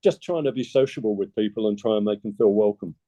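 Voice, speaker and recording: A man's voice: lowish voice, quick pace, warm tone, dry recording. A man, a golf club secretary, chatting in an interview and telling easygoing anecdotes. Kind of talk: casual interview storytelling.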